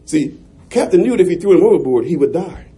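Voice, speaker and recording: A man preaching a sermon as a pastor, shouting in rising runs and chuckling between lines. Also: fairly high pitch, lively intonation, fast talker, husky.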